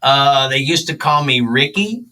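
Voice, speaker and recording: A man's voice: mid-range voice, unhurried, distant mic, poor audio. A man, telling fishing stories in a casual interview. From South Florida, US. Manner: animated storyteller, acts out shouts. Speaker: fishing show host and charter captain.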